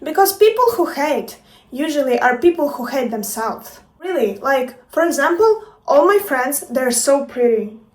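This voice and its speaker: A woman's voice: high-pitched, animated, unhurried, a little mellow. A woman and life coach talking to her viewers in a casual motivational vlog, playful and emphatic, swearing freely. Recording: echoey room, distant from mic.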